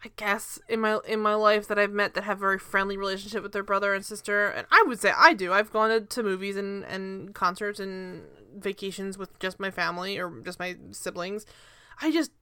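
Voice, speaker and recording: This young woman has a mid-range voice and a brisk pace, recorded with a clean tone and no room sound. On the podcast she co-hosts, she recaps a sitcom casually and animatedly, laughing a lot and wandering into digressions.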